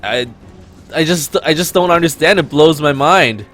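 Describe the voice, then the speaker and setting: A man's voice: fairly high pitch, moderate pace, soft background music. A young Canadian man chatting casually while playing a video game, rambling and often restarting his sentences. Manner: rambling, self-interrupting, animated. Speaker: let's play host. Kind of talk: casual gameplay commentary.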